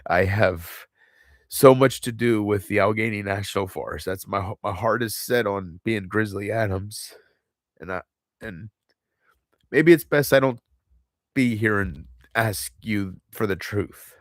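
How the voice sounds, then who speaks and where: A man speaking in an unscripted confessional monologue to his viewers, halting and heavy, often restarting and trailing off. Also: fairly low pitch, dry recording, clean studio sound. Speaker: channel host.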